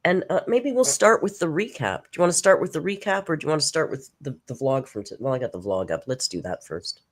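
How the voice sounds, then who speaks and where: A woman's voice: low-pitched, lively intonation, fast talker, breathy edge. A woman hosting a live reaction stream, chatting casually, greeting viewers by name and laughing often.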